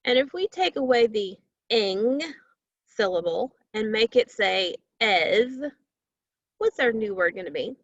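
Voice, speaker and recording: A woman teaching a phonics lesson to young children, slowly stretching out sounds and syllables. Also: mid-range voice, animated, dry recording, dull audio.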